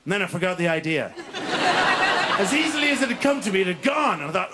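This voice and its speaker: Frantic, high-voiced man doing stand-up. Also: very animated, fast talker, pauses often, bright, forceful tone, a little hiss or hum. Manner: frantic, self-mocking, flips into silly voices. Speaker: stand-up comedian. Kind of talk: stand-up storytelling.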